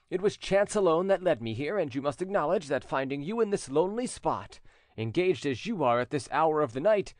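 A man voicing a calm, courteous stranger who speaks in a measured, steady way. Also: a little high, no echo, clean studio sound, pitched above the performer's own voice, close to an everyday voice.

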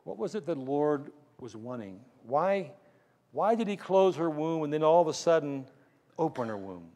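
High-voiced man preaching a story sermon. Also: big pitch swings, moderate pace, a little mellow, big-room sound. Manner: storytelling preacher, acting out Bible dialogue. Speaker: pastor.

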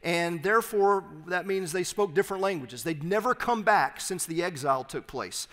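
Texan pastor preaching in a reverberant hall. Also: male voice, high voice, moderate pace, a bit bright. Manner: emphatic teaching with asides and humor. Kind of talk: sermon. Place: church sanctuary.

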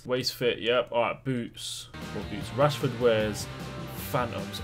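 Excitable young man gaming. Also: medium pitch, normal speed, faint music behind. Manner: excitable, chatty, slangy, with sudden loud outbursts. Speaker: gaming YouTuber. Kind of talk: gameplay commentary.

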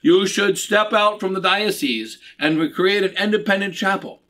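A man's voice: high voice, normal speed, sharp tone. A middle-aged man preaching a sermon in an earnest, repetitive way, with many stumbling restarts. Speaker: bishop preaching.

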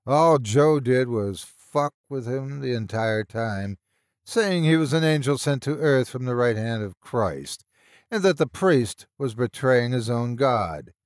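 A man's voice: medium pitch, expressive, measured pace, no room sound, lightly acted. A man doing a furious senior psychiatrist in an audio horror story, all venomous sarcasm and scorn. He snaps and sneers at every suggestion, in a dry, close-miked voice.

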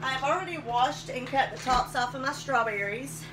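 A woman's voice: high-pitched, normal speed, noisy background. A woman hosting a chatty live cooking stream, greeting viewers by name and laughing often in a folksy way.

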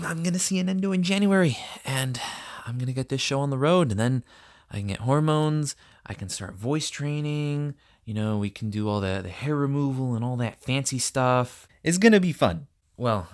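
Halting, thoughtful young woman in her twenties. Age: 20s. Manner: halting, self-interrupting, thoughtful; sarcastic deep-voiced asides. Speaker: vlogger. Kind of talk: personal message to future self. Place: dark room indoors with doors closed.

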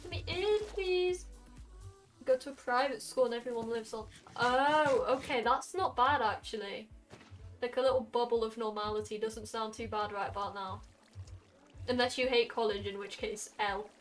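A young Welsh woman chats casually with her viewers while playing a game on stream, rambling from one thought to another. Her voice is a little high with fairly even intonation and normal speed, and faint music plays behind her.

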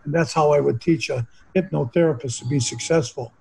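A man's voice: fairly high pitch, a little fast, gravelly, darkish tone, slight background noise, rough recording. An older man, a hypnotherapist guest, talking in a philosophical, rambling conversational way. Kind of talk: casual conversation.

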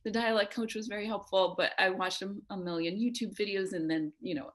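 A woman's voice: mid-range voice, steady tone, a little fast. A young adult woman, an actor, talking casually as an interview guest, chatty and self-deprecating, laughing often. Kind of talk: casual conversation.

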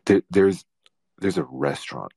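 A man's voice: sits low, huge pitch swings, measured pace, vocal fry, dark tone, breathy edge, dry recording, soft background music. A man streaming, joking through an absurd story in casual chat. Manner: joking, spinning absurd stories.

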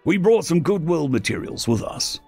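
A man's voice: a little high, very animated, moderate pace, vocal fry, a little mellow, breathy edge, faint music behind, full character voice. A man voicing a sheepish, deferential male colonel who hesitates.

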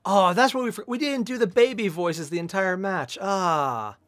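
A young man streaming a shooter game, chatting casually and jokily with teammates and bursting into shouts. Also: high voice, moderate pace. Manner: excitable, jokey, sudden shouts. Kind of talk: casual gameplay commentary.

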